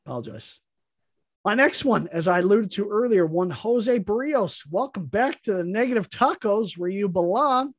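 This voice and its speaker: Male podcast co-host, animated delivery with swinging pitch, dry close mic, salty trash-talking banter. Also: moderate pace, no echo. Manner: profane, mock-insulting, playful trash talk. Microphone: podcast microphone.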